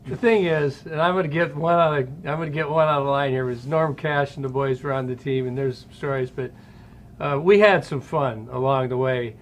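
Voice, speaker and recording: A man in his sixties, a former ballplayer hosting an interview, telling lively stories from his playing days. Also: medium pitch, fairly quick, a little hiss or hum. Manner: animated storyteller who acts out quotes. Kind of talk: storytelling interview chat.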